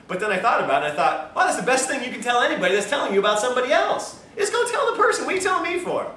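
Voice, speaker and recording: A health lecturer tells stories to a live class, acting out the characters' dialogue and laughing often. His high, bright voice is animated and rapid-fire, with hardly any pauses. He's far from the mic in an echoey room with faint background hiss.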